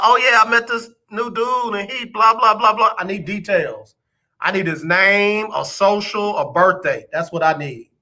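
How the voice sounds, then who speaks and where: A male radio host teases and jokes with his listeners in casual radio chat. His slightly high voice sounds bright and forceful, and he addresses the audience directly as if they were old friends.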